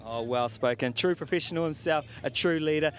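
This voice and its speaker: Fast-talking sideline sports interviewer, man. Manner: chatty, quick and matey. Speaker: commentator and interviewer. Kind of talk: post-match sideline interview. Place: outdoors at a sports ground. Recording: outdoor recording with faint rumble.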